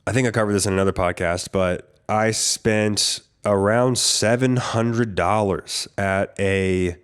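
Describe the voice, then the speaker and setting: A man's voice: lowish voice, steady tone, unhurried, clean tone. A man hosting a podcast, telling a travel story in a casual, rambling, profane way. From United States. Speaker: podcast host.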